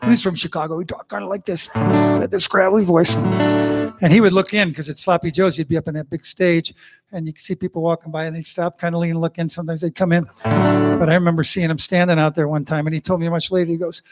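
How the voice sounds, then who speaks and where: A man's voice: on the high side, flat delivery, fast talker. A man hosting a living room concert, chatting casually and rambling between songs with plenty of fillers. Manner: rambling, folksy, full of fillers and asides. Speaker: singer-songwriter hosting an online concert. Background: guitar.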